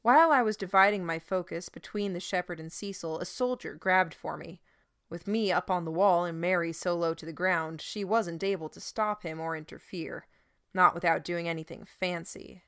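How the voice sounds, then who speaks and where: A woman reading a first-person story aloud in a steady, even narrating manner. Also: lowish voice, normal speed, clean tone, dry recording, clean studio sound. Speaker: audiobook narrator.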